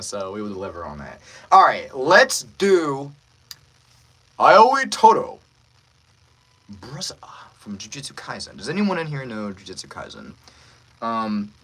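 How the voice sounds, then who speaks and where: A man who is a voice actor, chatting casually on a live stream in an animated way and laughing often. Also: medium pitch, low-quality recording.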